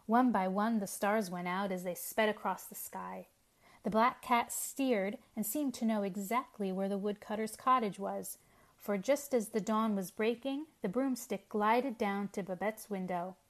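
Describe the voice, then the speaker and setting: Woman storyteller; measured, lively storybook narration. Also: medium pitch. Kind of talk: storybook reading.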